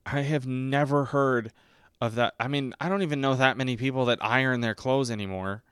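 A man in his twenties chatting casually about a movie, rambling and self-mocking, often breaking into squeaky high put-on voices. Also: a little fast, a bit bright, smooth, dry recording, clean studio sound. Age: 20s. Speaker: podcast host reviewing a movie.

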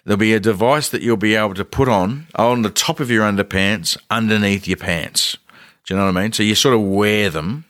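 A man's voice: fairly low pitch, fairly quick, no room sound, studio quality. Australian man telling a rambling story. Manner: rambling, animated quoting of others. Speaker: podcast co-host. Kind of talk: casual comedic storytelling.

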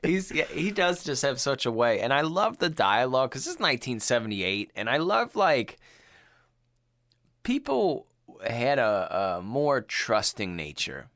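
A man's voice: mid-range voice, unhurried, dry recording, clean studio sound. A man co-hosting a casual podcast, chatting about an old movie and acting out lines with lots of laughter. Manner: animated, laughs often, acts out movie lines. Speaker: podcast co-host.

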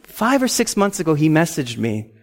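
A man telling a personal faith testimony in an animated, excitable way, with frequent "okay?" asides. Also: on the high side, moderate pace, long reverb tail. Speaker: speaker sharing a faith testimony.

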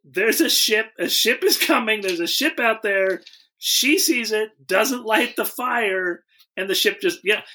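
A man co-hosting a podcast, recapping a movie plot in casual chat with a wry, deadpan humor. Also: sits high, a little slow. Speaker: podcast co-host.

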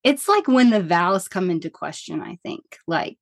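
A woman in her thirties, a counselor guest on a podcast, telling a personal story in a chatty, animated way full of fillers. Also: lowish voice, moderate pace, vocal fry, no echo.

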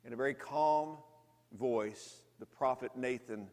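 A man preaching a sermon, telling a story dramatically, rising to loud intensity and dropping to hushed, slow lows. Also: big-room sound.

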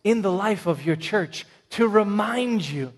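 A man's voice: high-pitched, animated, unhurried, voice pushed up. A man voicing Jesus as a stern, fervent adult man in a sermon. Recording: long reverb of a large church hall.

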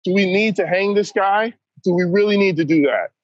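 A man's voice: sits high, a little fast, no room sound, highs cut off. A man talking as a podcast guest, blunt and emphatic, who keeps saying "man" as he talks. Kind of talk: candid conversation.

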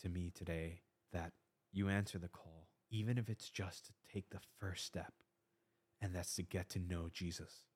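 A young man with a very low voice speaks earnestly, sharing a faith testimony on his podcast. He acts out the dialogue as he goes. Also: a little mellow, husky. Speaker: podcast host.

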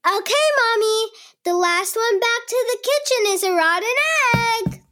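A woman's voice: very high-pitched, a little slow, fairly bright tone. A woman voicing an eager, cheerful, curious little girl in a children's cartoon. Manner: eager and bubbly.

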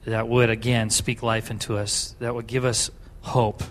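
A man's voice: medium pitch, flat delivery, normal speed. A man leading a congregation in an earnest spoken prayer, repeating simple phrases. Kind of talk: public prayer. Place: church sanctuary.

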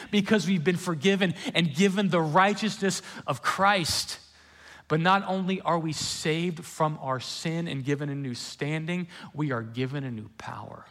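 A man preaching a sermon in a conversational storytelling way, with quick runs and slow, hushed emphasis. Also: fairly high pitch. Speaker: pastor.

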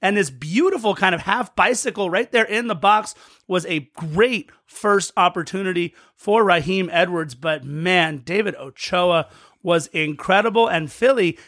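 A man's voice: high-pitched, fairly bright tone, no room sound, clean studio sound. A man co-hosting a podcast, chatting through a match recap in a storytelling, play-by-play way. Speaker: podcast co-host.

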